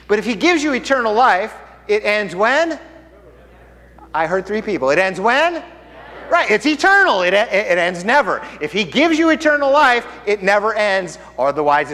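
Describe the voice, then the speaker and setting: Animated high-voiced preacher in a reverberant hall. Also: male voice. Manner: animated, emphatic, rhetorical questions to congregation. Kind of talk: sermon.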